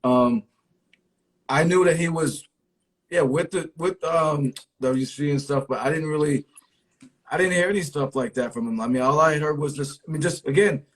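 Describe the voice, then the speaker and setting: A man from the US East Coast speaks candidly in a relaxed conversation. He is emphatic and full of street slang, with a slightly higher pitch. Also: moderate pace, low-quality recording. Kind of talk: casual chat.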